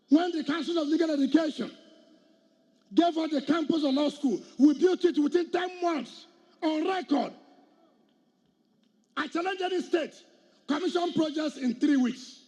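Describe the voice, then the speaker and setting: The speaker, a middle-aged Nigerian-accented state governor, has an extremely high, slightly mellow voice at normal speed, pausing often. He gives a combative outdoor political speech, challenging the crowd with rhetorical questions.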